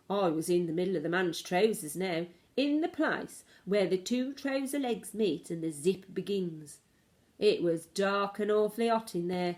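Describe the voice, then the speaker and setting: A woman teacher reading a children's storybook aloud in an expressive way. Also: medium pitch, normal speed.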